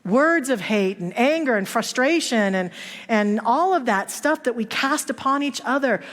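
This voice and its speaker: A woman minister's fairly high, slightly bright voice carries lively intonation at normal speed as she gives a sermon. She tells stories and acts out the quoted voices, and the sanctuary recording has church hall reverb.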